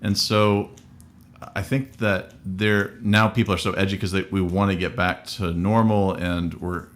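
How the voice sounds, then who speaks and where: Man, pastor, very low voice, reflective conversational delivery. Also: flat delivery, measured pace. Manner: thoughtful, searching for words. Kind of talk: casual podcast conversation.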